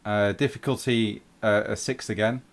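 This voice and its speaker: A man's voice: fairly low pitch, steady tone, normal speed. A man running a tabletop role-playing game as game master, patiently explaining the rules in a matter-of-fact way.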